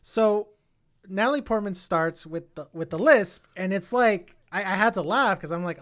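A woman's voice: mid-range voice, normal speed. A woman co-hosting a podcast, talking through a film in a loose, rambling way with many restarts. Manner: rambling, frequent restarts, animated swings in loudness. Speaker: podcast co-host. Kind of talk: casual film discussion chat.

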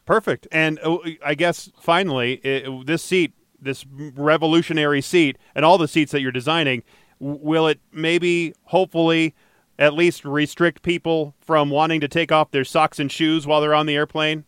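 A man's voice: fairly high pitch, fairly even intonation, normal speed, fairly bright tone, smooth, dry recording, studio quality. A man hosting a casual podcast, upbeat and chatty, reading out a call-in number and plugging next week's show. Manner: upbeat, chatty, laughs easily. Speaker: podcast host.

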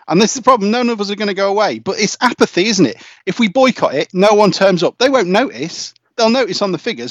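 A man's voice: high voice, dry recording, dull audio. A man hosting a casual football podcast, ranting and swearing in exasperation. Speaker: podcast host.

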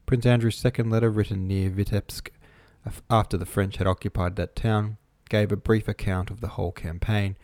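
A man narrating an audiobook in a measured, even reading voice, recorded close to the microphone. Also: lowish voice, no echo.

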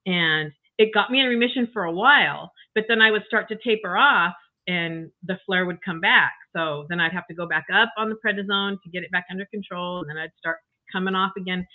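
Older woman, interview guest, chatty and emotional, tinny phone-like audio, mid-pitched voice. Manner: chatty, emotional, frequent you-knows and restarts. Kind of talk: casual personal story.

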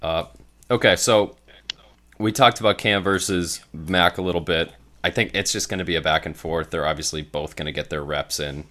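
A man co-hosting a sports podcast, talking in a relaxed, chatty way and laughing often. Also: sits low, moderate pace. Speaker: podcast co-host. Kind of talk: casual sports chat.

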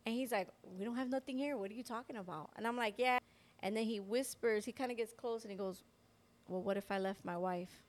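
A woman co-hosting a Christian podcast, telling a personal testimony in a lively way and acting out the voices of the people in her story. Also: on the high side, fast talker. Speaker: podcast co-host. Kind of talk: personal faith testimony in casual chat.

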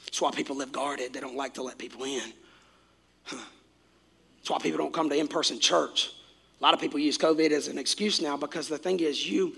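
High, gravelly-voiced preacher man. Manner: animated preaching, swings between shouting and quiet asides. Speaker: pastor. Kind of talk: sermon.

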